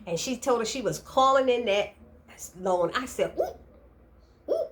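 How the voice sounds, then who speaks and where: A lively woman talks through a TV episode recap. Her voice sits a bit high, and she laughs often and throws herself into acting out the characters' lines. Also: moderate pace. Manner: expressive, laughing, acts out quotes. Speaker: TV recap vlogger. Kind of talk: casual animated recap.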